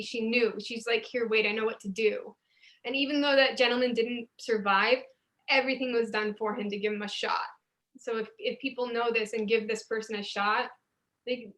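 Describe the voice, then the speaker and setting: A woman's voice: a little high, fairly bright tone. A woman paramedic supervisor telling earnest stories from her work during an online CPR class over a video call. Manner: earnest, emotional, with restarts. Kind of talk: Zoom class sharing stories.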